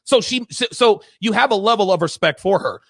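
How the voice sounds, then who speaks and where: A man's voice: sits high, lively intonation, a little fast, fairly bright tone, dry recording. A man hosting a talk show, telling stories in a blunt, emphatic, profane way. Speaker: podcast host. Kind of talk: casual chat.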